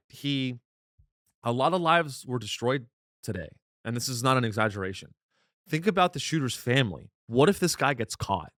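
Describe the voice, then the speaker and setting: A man's voice: medium pitch, sharp tone, no echo. A male comedy host talks his way through a news story in a rambling, sardonic monologue. He often restarts his sentences. His voice sits mid-range and sounds dry and close to the mic.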